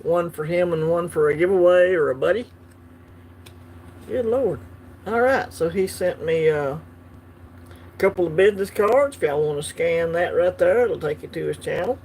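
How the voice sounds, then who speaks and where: A man's voice: a little high, normal speed, darkish tone, slight background noise. A man hosting a coin collecting channel, chatting casually and laughing easily while unboxing on a livestream.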